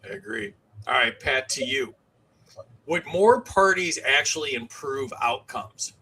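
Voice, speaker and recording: A man hosting an online panel game show, briskly reading out questions and calling on each guest. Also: medium pitch, lively intonation, pushed and bright, a little hiss or hum, poor audio.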